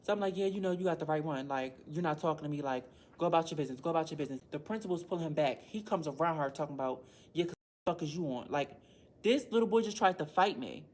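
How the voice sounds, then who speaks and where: A woman's voice: deep voice, lively intonation, fast, darkish tone. Heated woman venting, swearing freely. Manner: heated, blunt, swears a lot. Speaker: teacher. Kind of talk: venting story to the camera.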